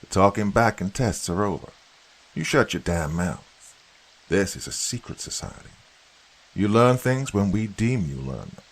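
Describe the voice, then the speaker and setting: A man's voice: fairly low pitch, sing-song, unhurried, vocal fry, exaggerated voice. A man voicing a stern, no-nonsense middle-aged mother who gives curt commands.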